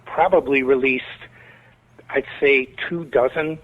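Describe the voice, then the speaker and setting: A man's voice: medium pitch, fairly even intonation, unhurried. A man with a Chicago accent, a guest musician rambling through stories in a casual interview. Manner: rambling, talkative storyteller. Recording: tinny phone-like line.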